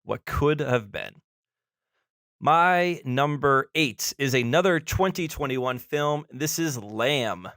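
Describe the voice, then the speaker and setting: A man's voice: medium pitch, animated, slow pace, a bit bright, no room sound, clean studio sound. A man co-hosting a film podcast, talking casually and laughing often as he stumbles over names. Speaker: podcast co-host.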